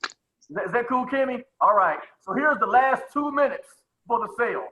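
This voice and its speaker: A man with a high, bright, ringing voice runs a live sales training webinar over a video call. He speaks with energy, repeats himself for emphasis and calls on attendees by name. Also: sing-song, moderate pace, low-quality recording. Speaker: sales presentation coach.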